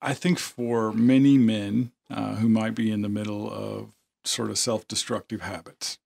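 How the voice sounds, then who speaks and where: A male podcast host with a low, husky and somewhat gravelly voice. He phrases his questions slowly and thoughtfully, stopping and restarting as he goes. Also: flat delivery, a little mellow. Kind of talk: reflective interview questions.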